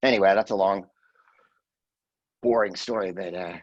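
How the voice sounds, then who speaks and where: A man's voice: low-pitched, moderate pace, lo-fi sound. A man in his sixties, a guest comedian, telling rambling, profane stories in casual podcast chat and slipping into quoted voices. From California, USA.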